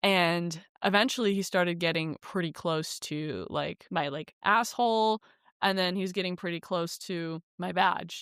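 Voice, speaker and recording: A woman's voice: on the low side, measured pace, fairly bright tone, clear, resonant tone, dry recording, clean studio sound. A woman vlogger telling a story in a casual, frank, exasperated way, full of "like" and swearing. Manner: frank, exasperated retelling, heavy use of "like" and swearing.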